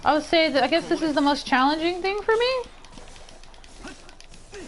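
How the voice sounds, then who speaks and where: A woman's voice: very high-pitched, measured pace, slight background noise. A young woman streaming a game, chatting casually, exclaiming and rambling as she plays. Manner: excitable, exclaims and rambles while gaming. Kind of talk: casual gameplay chat.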